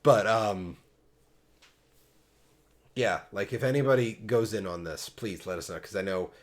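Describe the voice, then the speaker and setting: A man from Pennsylvania hosting a laid-back gaming chat show with a low-set voice. He rambles, jokes at his own expense and keeps the talk moving between guests. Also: measured pace, slight background noise. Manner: rambling, self-mocking and jokey. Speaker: podcast host. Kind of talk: casual podcast chat.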